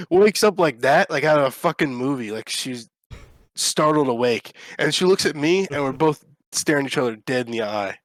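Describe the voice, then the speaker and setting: A man spinning a rambling anecdote on a podcast, swearing freely and jumping into voices for each quote. He has an everyday, mid-pitched man's voice. It is recorded dry and close, with no room echo. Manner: animated, profane, acts out quotes. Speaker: podcast co-host. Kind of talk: casual storytelling chat.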